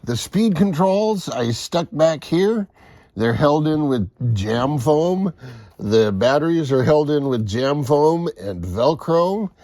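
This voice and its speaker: A man casually talking through his model boat projects in his home workshop, unhurried and rambling, with a self-deprecating humor. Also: fairly high pitch, expressive, darkish tone, no echo. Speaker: model boat hobbyist vlogger.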